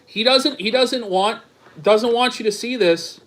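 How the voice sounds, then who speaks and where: A man's voice: very high-pitched, a little slow, fairly bright tone. Male commentary host, crude, sarcastic, profane, mocking. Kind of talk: mocking commentary on read-out texts.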